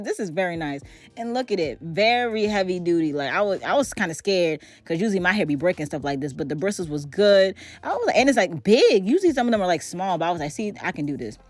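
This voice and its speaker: A woman hosting a casual hair product review vlog, playful and exclamatory, who repeats words for emphasis. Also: medium pitch. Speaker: hair vlogger.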